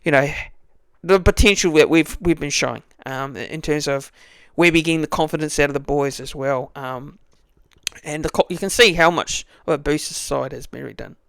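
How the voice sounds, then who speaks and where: A man's voice: fairly high pitch, normal speed, creaky, fairly bright tone, clean tone, no room sound. A young man giving a casual fan review, rambling with many restarts and fillers. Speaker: fan channel host.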